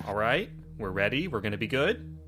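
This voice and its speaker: Low-voiced man rambling as a player. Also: very animated, moderate pace, noisy background. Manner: rambling, filler-heavy, laughing often. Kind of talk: casual in-character tabletop play.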